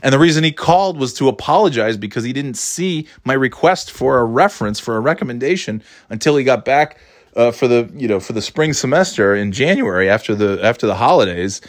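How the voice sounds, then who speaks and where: A man's voice: medium pitch, lively intonation, fairly quick, dry recording, studio quality. A man in his forties casually telling a personal anecdote, rambling and self-deprecating with frequent restarts. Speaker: storyteller.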